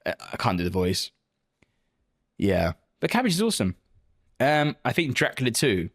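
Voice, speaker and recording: Dude streaming, swears a lot, banters with chat, normal mid voice, desk mic. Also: male voice, medium pitch, sing-song, brisk, a bit bright. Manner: chatty, swears freely, joking banter. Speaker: live streamer. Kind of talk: casual live-stream chat, answering viewers.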